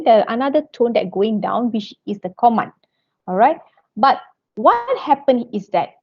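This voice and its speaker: A woman's voice: on the high side, darkish tone. A woman giving an online lecture, checking in with "okay" and "all right" all the time and often restarting her sentences. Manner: non-native phrasing, frequent restarts. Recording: dull lo-fi audio.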